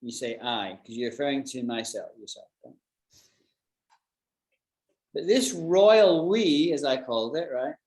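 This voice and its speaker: A man's voice: mid-range voice, animated, unhurried, long pauses, a little mellow, echoey room. A man with a British accent, teaching an online English lesson in a chatty way, explaining with examples and checking that his students follow. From Britain.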